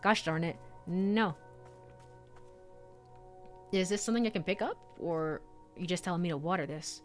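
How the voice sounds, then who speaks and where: A woman's voice: on the low side, normal speed, faint music behind. A young woman streaming a video game, chatting casually, bubbly and giggly, gushing over cute things. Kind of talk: casual let's-play commentary.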